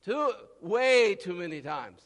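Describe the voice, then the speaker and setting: A man delivers a sermon in a high, bright voice that leaps widely up and down, crying out one moment and dropping to a murmur the next. He acts out the voices of the people in his story. The sound rings in the long reverb of a large church hall. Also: very animated, slow. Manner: swings from loud cries to low murmurs, acts out voices. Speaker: preacher.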